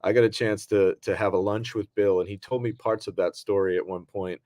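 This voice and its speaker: A man's voice: on the low side, fairly even intonation, a little fast, a little mellow, dry recording, studio quality. A man co-hosting a podcast, talking casually in a rambling way with many fillers and restarts. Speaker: podcast co-host.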